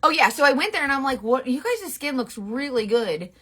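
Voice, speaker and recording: A woman's voice: high voice, big pitch swings, fairly quick, sharp tone, breathy edge. A woman makeup artist talking through a casual makeup tutorial in a rambling, playful, sassy way. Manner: sassy slangy talk.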